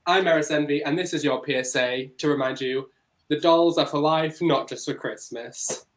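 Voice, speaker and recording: A man's voice: on the high side, normal speed, low-quality recording. A man hosting a casual chat podcast, playful and joking with his co-hosts. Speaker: podcast host.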